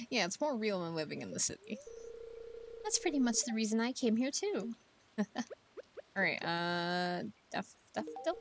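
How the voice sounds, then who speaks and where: A woman's voice: fairly high pitch, sing-song, unhurried, pauses often, a little hiss or hum. A woman streamer chatting casually over gameplay, giggling and talking to the game's characters from a room at home.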